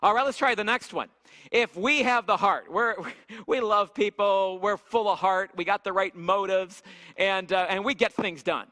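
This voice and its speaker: Guy running a church leadership class, lively storyteller, keeps quizzing the room, sharp bright tone. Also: high-pitched, normal speed. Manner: energetic, storytelling, asks audience questions. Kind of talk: church leadership seminar teaching. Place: church hall. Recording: echoey hall with long reverb.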